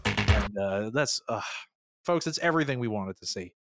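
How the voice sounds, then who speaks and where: Male podcast co-host, loose rambling recap with lots of fillers, lively pitch, dry booth sound. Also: normal speed, creaky, no echo, faint music behind. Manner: rambling, filler-heavy, acts out characters' lines. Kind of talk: casual chat recapping a TV episode.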